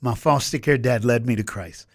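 A man's voice: mid-range voice, gravelly, no echo. An American man, a motivational speaker, telling stories with acted-out quotes in a radio studio interview. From United States. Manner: fast, emphatic storytelling with acted-out quotes.

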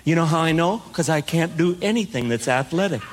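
High-voiced self-mocking stand-up comedian. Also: male voice, a little fast, very noisy. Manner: self-deprecating, animated storytelling with acted-out dialogue.

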